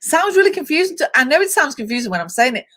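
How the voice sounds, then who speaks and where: A woman's voice: sits high, sing-song, quick pace, pushed and bright. A woman hosting a live online chat show, reading out traits and talking to viewers by name with frequent laughter. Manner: chatty, reads lists aloud, talks to viewers by name; laughs often, explains step by step. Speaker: host.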